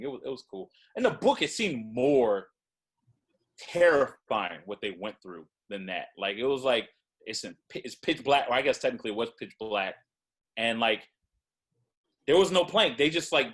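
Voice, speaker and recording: A man co-hosting a casual TV recap podcast, halting and restarting, often asking "you know what I mean". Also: mid-range voice, fairly bright tone. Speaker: podcast co-host.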